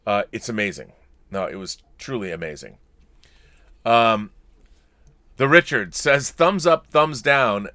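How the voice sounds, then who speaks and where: A man with a bright, forceful voice talks loosely on a casual podcast, breaking off and restarting his sentences. He reads viewer letters aloud between bits of chat. The sound is close and dry, with no room around it. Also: fairly low pitch, lively intonation, a little slow, pauses often, no echo. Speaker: podcast co-host.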